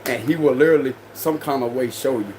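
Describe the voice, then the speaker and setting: A man's voice: medium pitch, fast talker, a little mellow, slight background noise, rough recording. A young man reading tarot on a livestream, ranting in a heated, confrontational, slangy way. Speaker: tarot reader. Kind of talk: livestream rant.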